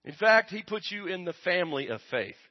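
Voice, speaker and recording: An American pastor with a high-pitched voice, big pitch swings, and a fairly quick pace preaches to his congregation. He asks them questions and waits for their answers in call-and-response, his volume swinging between loud and soft, captured on a dull lo-fi recording.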